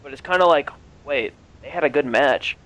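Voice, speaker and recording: A man's voice: fairly high pitch, moderate pace, fairly bright tone, poor audio. A man co-hosting a podcast in casual chat, blunt and opinionated, swearing freely. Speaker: podcast co-host.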